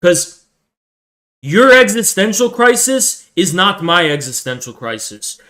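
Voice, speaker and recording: A man's voice: high voice, big pitch swings, unhurried, bright, forceful tone. A man in his twenties streaming live, ranting at viewers in a profane, hectoring way and repeating himself. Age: 20s. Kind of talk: angry livestream rant.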